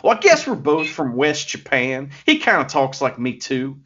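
A man's voice: mid-range voice, wildly swooping pitch, normal speed, bright, forceful tone, dull audio, exaggerated voice. A man putting on the voice of a cocky young male pro wrestler, swaggering and jokey, with a put-on Southern US drawl. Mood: boastful.

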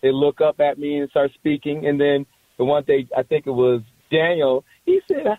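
Barber man, higher-pitched, halting casual talk, dry dull sound. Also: expressive, no echo. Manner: halting, many restarts, laughs warmly. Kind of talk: casual conversation.

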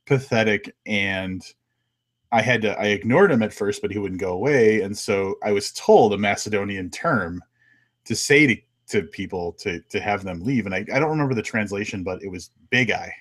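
A man's voice: lowish voice, moderate pace. An American man co-hosting a casual podcast, telling a travel story with many fillers and restarts. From United States. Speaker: podcast co-host.

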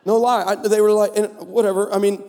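A man preaching a sermon at a conference, telling stories and building to shouts. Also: sits high, a little fast. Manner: storytelling, animated, rising to shouts. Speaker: pastor. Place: conference stage in a large hall. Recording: echoey large hall.

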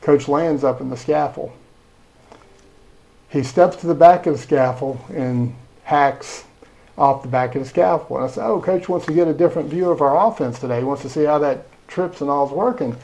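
A middle-aged man, a school superintendent telling lively stories in a podcast interview. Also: a little high, moderate pace, gravelly, poor audio. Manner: animated storyteller, acts out quoted dialogue.

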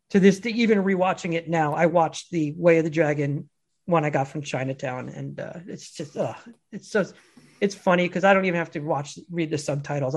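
A man co-hosting a casual film chat, telling stories in an animated way and laughing often. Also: a little high. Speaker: podcast co-host.

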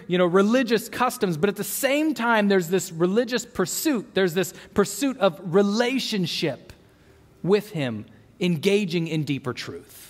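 A man's voice: sits high, long reverb tail. A man preaching a sermon into a microphone, earnest and full of rhetorical questions, often repeating words as he searches for the next thought. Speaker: pastor.

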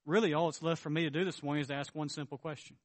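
High-voiced emphatic male preacher. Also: steady tone, racing, no echo. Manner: emphatic, swings between loud declarations and low earnest tones. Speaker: pastor. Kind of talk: sermon.

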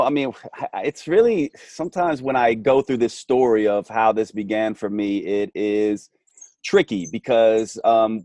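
A middle-aged man, a physician guest on a podcast, talking in a relaxed, chatty way with plenty of fillers. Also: on the low side, no echo. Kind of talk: conversational interview.

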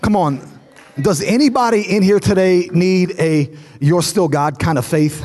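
A man in his thirties preaches from a church stage with a high, urgent voice. He builds line upon line in fervent repetition and acts out little scenes as he tells stories. His voice rings out through the long reverb of a big auditorium. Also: measured pace, darkish tone. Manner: storytelling, acting out dialogue. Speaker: pastor. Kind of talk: sermon. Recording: long reverb of a large hall.

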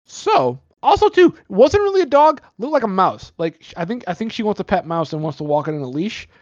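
A man's voice: high voice, sing-song, a little fast. A man retelling a movie plot in a casual, rambling, profane way, joking as he goes. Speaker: podcast co-host. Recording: dull lo-fi sound.

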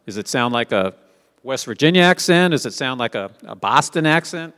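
A man's voice: mid-range voice, lively intonation, moderate pace, a bit bright, big-room sound. A man preaching a sermon, reading scripture aloud and asking his listeners rhetorical questions in a conversational way. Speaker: Messianic teacher.

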